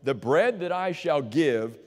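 A man preaching a sermon, walking listeners through verses with rhetorical questions and sinking to a quiet voice for emphasis. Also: expressive, takes it slowly. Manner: drops to a low, quiet voice for emphasis. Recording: long reverb of a large hall.

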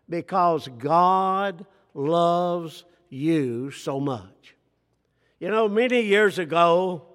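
An older man preaching a sermon, slow and emphatic, dropping to soft near-whispers and asking the congregation rhetorical questions. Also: high-pitched. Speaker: pastor. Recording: reverberant hall.

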